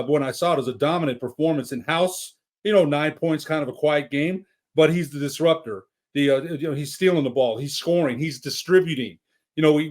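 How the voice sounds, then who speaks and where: A man on a sports podcast talking basketball in a halting way, often restarting his thoughts. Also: a little high. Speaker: podcast co-host. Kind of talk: casual sports chat.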